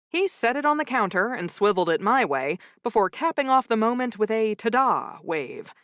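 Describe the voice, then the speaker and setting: A woman narrating a cozy audiobook in first person with a wry, expressive storytelling manner. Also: lowish voice, normal speed, no room sound. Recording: dry close studio sound.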